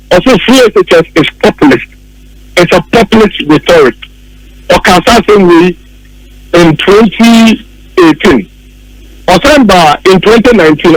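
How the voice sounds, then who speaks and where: A man's voice: high voice, slight background noise, rough recording. A man with a Ghanaian accent, a political commentator on a radio talk show, arguing emphatically and repeating his points.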